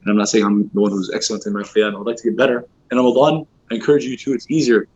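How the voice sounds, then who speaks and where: In a mosque hall, a youth halaqah teacher with a husky, slightly low voice gives a casual religious talk to young people at a very fast clip. His speech is informal and full of fillers like "you know" and "like," and he acts out quoted speech in lively voices, all on a dull, lo-fi recording.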